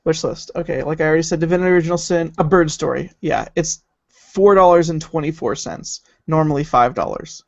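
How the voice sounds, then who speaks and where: A man co-hosting a podcast chats in a fairly high voice, excitable and easily sidetracked. The sound is dull and lo-fi, close and dry with no room around it. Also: brisk, creaky, no echo. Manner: chatty, excitable, trails off while searching. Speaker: podcast co-host. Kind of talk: casual chat.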